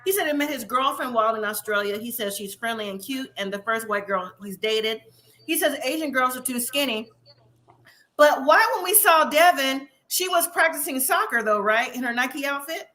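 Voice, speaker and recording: A podcast co-host with a high voice chats casually on a live review show at a moderate pace. She is animated, laughs often, and leans on rhetorical questions.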